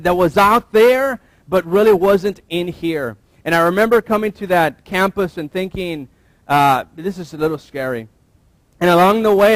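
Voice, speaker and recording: A man in his thirties preaching in a loose, storytelling way, his voice sitting a little higher than most men's. He stumbles and restarts with easy fillers and throws rhetorical questions at the congregation. The sound is close and dry, with almost no room around it. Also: no room sound. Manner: self-deprecating, asks listeners rhetorical questions. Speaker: pastor. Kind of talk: conversational sermon with personal story.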